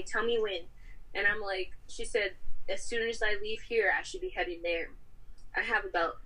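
On a podcast, a woman guest shares a personal story in casual conversation, animatedly acting out the voices of the people she quotes. Her mid-range voice is slightly rough, and the recording itself is rough.

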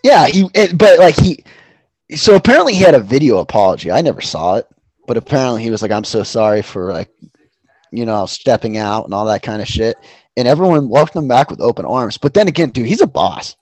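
A man's voice: mid-range voice, sing-song, fairly quick, a little mellow, slightly rough, no echo. A man co-hosting a casual sports betting chat, rambling and profane with lots of fillers. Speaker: podcast co-host.

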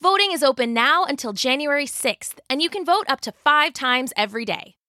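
A woman's voice: high voice, animated, fairly quick, pushed and bright, no echo. A woman hosting a kids' story podcast, reading a scripted intro in a cheerful, upbeat way on a close studio mic. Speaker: podcast host.

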